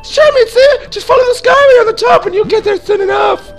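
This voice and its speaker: A man's voice: very high-pitched, brisk, vocal fry, faint music behind, pitched above the performer's own voice. A man voicing a chirpy young ninja woman in a game, with an exaggerated put-on accent. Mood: helpful.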